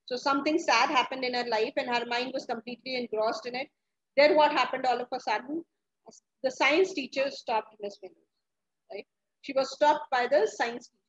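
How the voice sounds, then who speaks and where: An English teacher explains a story to her class, asking questions and often restarting her sentences. Her voice sits high with a breathy edge and a normal pace, and the audio is dull.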